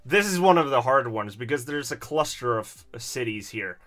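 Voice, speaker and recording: A man's voice: medium pitch, expressive, normal speed, fairly bright tone, faint music behind. A man from Stockholm with a Swedish accent, chatting casually as a streamer in a rambling, hesitant way with frequent chuckles. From Stockholm, Sweden. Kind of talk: casual livestream commentary.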